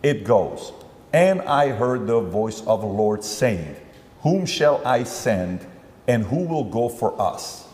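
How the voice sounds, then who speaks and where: A man's voice: on the low side, expressive, slow pace, a little mellow, in a large hall. A man hosting a podcast interview, talking in a rambling, conversational way and acting out quoted dialogue. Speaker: podcast host.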